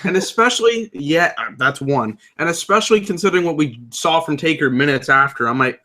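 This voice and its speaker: A young man co-hosting a casual wrestling chat, blunt and sarcastic and quick to swear. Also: fairly high pitch, lively intonation, sharp tone. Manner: blunt and sarcastic, swearing, swings up when worked up. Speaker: co-host.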